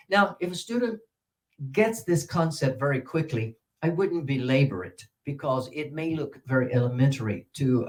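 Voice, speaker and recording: A man giving a workshop on teaching English pronunciation, repeating words slowly and counting syllables aloud. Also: mid-range voice, dark tone. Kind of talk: teacher-training workshop talk. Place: presentation room with a mic.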